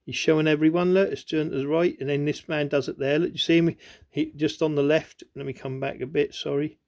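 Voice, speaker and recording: Gravelly man rambling over video clips. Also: a little high, fairly even intonation, a little fast, a little mellow. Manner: repetitive, keeps saying "look" and "you know what I mean". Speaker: conspiracy video host.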